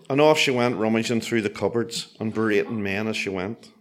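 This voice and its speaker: A man telling a comic personal story with dry, self-mocking, deadpan asides. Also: on the low side, fairly quick.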